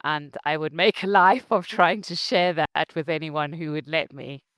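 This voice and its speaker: A middle-aged woman from Zimbabwe with a Zimbabwean accent, a company founder telling her story in an interview, animated and laughing often. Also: sits low, normal speed, no room sound.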